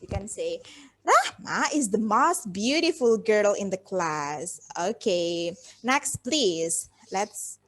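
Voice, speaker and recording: A woman's voice: mid-range voice, sing-song, slow, fairly bright tone. A young woman with an Indonesian accent teaching a grammar lesson. She switches between languages and coaxes answers with questions. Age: young adult. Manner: code-switching, coaxing questions to the class.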